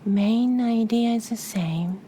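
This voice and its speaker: Leading a live guided meditation for a small audience, a woman with a slightly high voice speaks softly and often sinks to a breathy whisper. She repeats short phrases and gentle cues, leaving long pauses between them, and the audio carries a slight hiss or hum.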